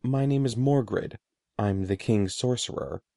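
A man reading the lines of a gentle, ominous old sorcerer, slow, soft and solemn. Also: on the low side, gravelly, dry recording, studio quality.

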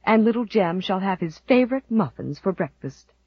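A woman's voice: medium pitch, lively intonation, normal speed, breathy edge, no echo, highs cut off. A woman voicing a fussy, devoted older housekeeper who talks eagerly and bustles through her words, for an audiobook. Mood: brisk. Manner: eager, bustling, repeats terms of address.

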